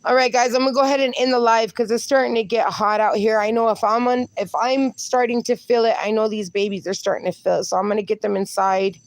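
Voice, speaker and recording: This livestream host talks fast, with hardly any pauses, in a fairly high, steady voice. Outdoors with her dogs, she chats casually, reads viewer comments aloud and drifts into baby talk for her pups.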